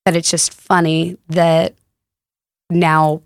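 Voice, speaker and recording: A woman's voice: low-pitched, completely flat delivery, slow, smooth, dry recording, clean studio sound. A young woman from Texas, a podcast guest telling stories in a chatty, casual way with lots of fillers. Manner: chatty, laughs through anecdotes, many "like" fillers. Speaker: podcast guest, store co-founder. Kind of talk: casual conversational storytelling.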